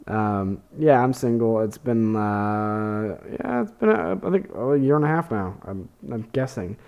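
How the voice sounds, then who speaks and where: A man's voice: fairly low pitch, animated, a little slow, gravelly, clear, resonant tone, dull audio. A young man hosting a podcast, talking in a rambling, profane, self-deprecating way with many fillers and restarts. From Texas. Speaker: podcast host. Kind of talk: casual monologue.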